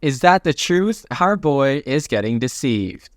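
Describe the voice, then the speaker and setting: A man's voice: medium pitch, very animated, measured pace, dry recording, studio quality. A man reading the lines of an arrogant, menacing male goblin warrior in a comic recap, with little change from his own voice.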